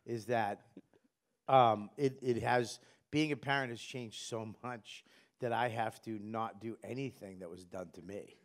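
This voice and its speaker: A middle-aged man in casual comedic chat, telling animated, profane stories. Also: lowish voice, measured pace.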